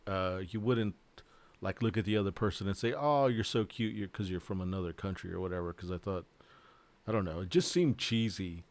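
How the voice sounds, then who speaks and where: A man, a board game designer, chatting casually and rambling, joking and swearing as he talks. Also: deep voice. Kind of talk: casual livestream chat.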